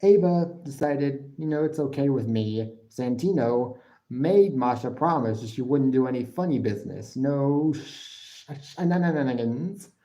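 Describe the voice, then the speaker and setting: A man's voice: mid-range voice, expressive, normal speed, warm tone, rough recording. A man hosting a live-stream podcast, recapping casually in a rambling way and often repeating himself. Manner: rambling, restarts and repeats words, breaks off to answer chat. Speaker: podcast host.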